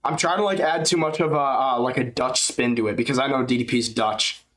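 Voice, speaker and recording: A man's voice: mid-range voice, a little fast, a bit bright, low-quality recording. An American man hosting a casual fight-companion livestream, talking in a loose, slangy, rambling way and laughing often. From United States.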